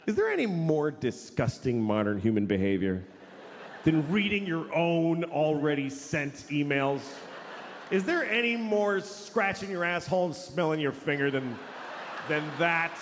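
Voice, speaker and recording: A male stand-up comic rants with a blunt, profane edge, and his pitch jumps around a lot as he mocks the people he quotes. His voice sits a little high for a man. A long hall reverb carries it, with faint room sound underneath. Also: big pitch swings, unhurried, a little hiss or hum. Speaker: stand-up comedian. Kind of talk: stand-up comedy routine. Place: large hall with an audience.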